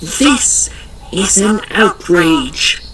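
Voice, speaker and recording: A man voicing an eager young woman newspaper reporter who talks in an earnest, excitable and easily outraged way. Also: sits high, very slow, background noise, pitched above the performer's own voice, heavily acted. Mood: indignant.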